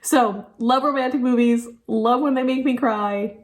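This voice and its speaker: A woman's voice: a little high, a little slow. A woman in her thirties, a teacher and beauty vlogger, chatting casually and thinking aloud while doing her makeup. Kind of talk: casual makeup tutorial chat.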